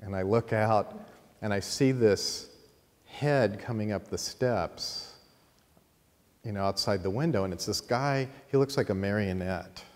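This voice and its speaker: A middle-aged man teaching a course, telling a long lively anecdote to a class and laughing at his own story. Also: fairly low pitch, unhurried. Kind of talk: storytelling in a lecture. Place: college teaching room. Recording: long hall reverb, faint noise.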